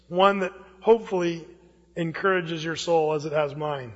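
Male pastor, high voice, casual sermon delivery, long hall reverb on a muffled recording. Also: a little slow. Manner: conversational preaching with folksy asides.

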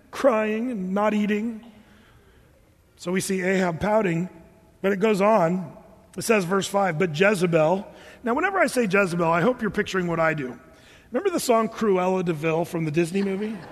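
Male pastor, higher register, lively humorous storyteller, long reverb of a large hall. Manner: animated storyteller, acting out characters with humor. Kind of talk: sermon.

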